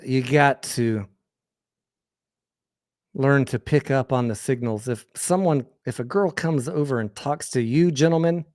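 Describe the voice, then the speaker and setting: A man's voice: medium pitch, a little mellow, dry recording, studio quality. A man with an American accent hosting a livestream, telling crude, rambling personal anecdotes in a candid, casual way with frequent restarts. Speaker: host.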